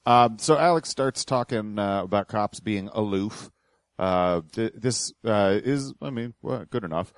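A man's voice: on the low side, measured pace, no room sound. A man co-hosting a podcast, giving dry, sarcastic commentary. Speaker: podcast co-host. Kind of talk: casual commentary.

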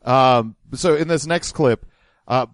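A man's voice: mid-range voice, slow, no room sound. A man hosting a podcast, explaining things in a wry, casual way and swearing now and then. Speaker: podcast host. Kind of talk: casual commentary.

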